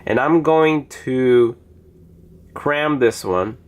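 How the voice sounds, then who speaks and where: A man's voice: medium pitch, very slow, a little mellow, dull audio. A man casually reviewing phone apps, chatty as he demonstrates each one on screen. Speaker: app reviewer. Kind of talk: casual app review narration.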